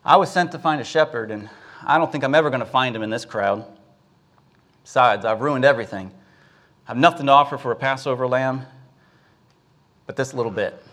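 A man's voice: medium pitch, fairly quick, long pauses, a bit bright, natural voice. A man voicing a young boy who stammers and hesitates. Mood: dejected.

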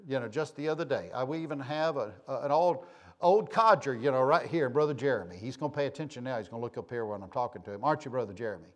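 A man's voice: mid-range voice, expressive, fast talker. A man preaching a sermon in a church, folksy and conversational, teasing members of his congregation. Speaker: pastor. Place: church sanctuary.

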